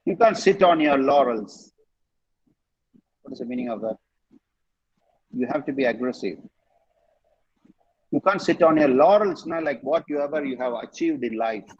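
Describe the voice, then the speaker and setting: A man's voice: fairly high pitch, animated, normal speed, pauses often, darkish tone, slightly rough, muffled recording. A man with a Tamil accent teaching English vocabulary in an online class, quizzing students and spelling words out. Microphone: video call.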